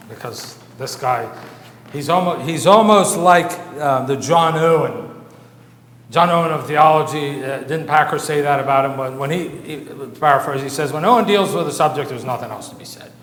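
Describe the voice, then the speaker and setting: A man giving an informal church lecture from an outline, talking conversationally with fillers and asides and often checking in with "okay?". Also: medium pitch. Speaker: lecturer at a church Bible institute. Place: church hall. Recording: roomy hall echo, faint noise.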